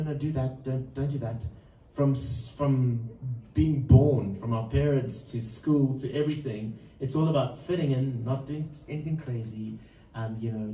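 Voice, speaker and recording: A man's voice: medium pitch, mellow, a little hiss or hum. A man telling a story between songs at a live performance, speaking loosely and chuckling often. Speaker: musician introducing a song. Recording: roomy live sound from a distance.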